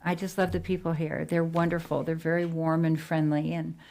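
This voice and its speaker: A woman's voice: sits low, little pitch movement, fairly quick, gravelly, darkish tone. A middle-aged woman from New Jersey, a real estate agent chatting casually in an interview, with frequent fillers and restarts.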